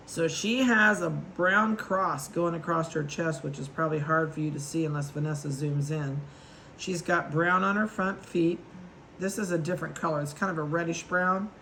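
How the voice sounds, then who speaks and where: A chatty, affectionate woman breeder describes her puppies one by one and coos at them as she goes. Her voice is bright and forward, with a faint hiss of noise in the background. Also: on the low side. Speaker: dog breeder. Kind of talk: casual narration while handling puppies.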